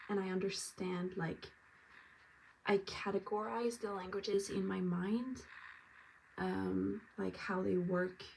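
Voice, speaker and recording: A tired woman from France chatting casually as she gets ready, rambling and now and then dropping to a soft whisper. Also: mid-range voice, creaky, a little hiss or hum. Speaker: vlogger. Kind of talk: casual get-ready-with-me chat. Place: at home getting ready. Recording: distant mic, faint room ambience.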